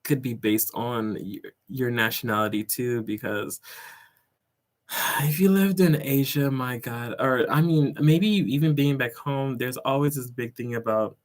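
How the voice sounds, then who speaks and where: A young man tells stories in a loose vlog about teaching abroad. His voice sits at an everyday pitch, and his talk wanders with plenty of "like" and "um". Small laughs slip in as he goes. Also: measured pace. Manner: rambling, filler-heavy, full of "like" and "um"; chuckles while telling stories. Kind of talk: casual storytelling vlog.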